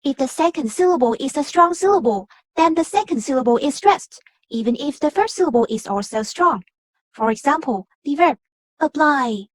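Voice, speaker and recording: A young woman from Vietnam, a student, reading a class presentation on word stress in a measured, explanatory way. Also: high-pitched, lively intonation, no echo. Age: young adult. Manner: measured, explanatory, reads from a script.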